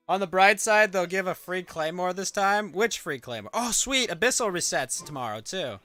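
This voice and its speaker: A man's voice: sits high, lively intonation, normal speed, few pauses, sharp tone, faint music behind. A man streaming a game, chatting casually in a wry, rambling way with offhand swearing. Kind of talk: casual gameplay commentary.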